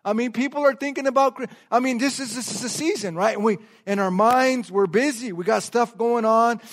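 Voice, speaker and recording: A man preaching a sermon as pastor, calling on the congregation to repeat phrases and drawing out key words slowly for emphasis. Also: extremely high pitch. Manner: call-and-response, asks the congregation to repeat phrases. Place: church service before a congregation.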